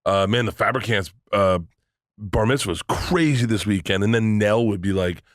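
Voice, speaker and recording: Animated middle-aged man telling stories. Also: on the low side, normal speed, dry recording, clean studio sound. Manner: animated storyteller who acts out quoted voices, swears freely. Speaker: podcast guest. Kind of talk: casual storytelling chat.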